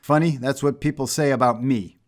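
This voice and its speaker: A man's voice: mid-range voice, normal speed, natural voice. A man voicing a proud, self-assured male superhero in a firm, lightly lifted voice.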